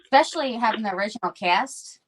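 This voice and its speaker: A woman's voice: fairly high pitch, expressive, fast talker. A woman hosting a live craft stream, chatting in an upbeat way with lots of fillers while she shapes clay. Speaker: craft livestream host.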